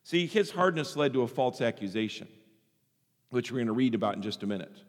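A man preaching a sermon in an animated way, sometimes acting out the voices of the people he quotes. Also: mid-range voice, a little fast. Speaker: pastor. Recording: long hall reverb.

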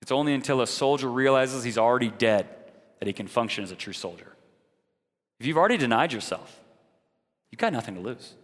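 A man's voice: medium pitch, lively intonation, brisk, long pauses, big-room sound. A man preaching a sermon in an earnest, direct way, now and then mocking the views he argues against.

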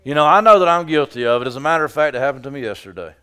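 A man preaching a sermon in a conversational, joking way, with sudden loud bursts. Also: fairly high pitch, lively intonation, very fast, clean tone. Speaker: pastor.

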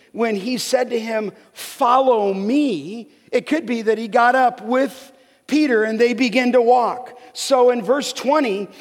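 A man preaching an expository sermon, slow and deliberate, drawing words out for emphasis. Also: very high-pitched. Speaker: pastor. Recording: long reverb from a large hall.

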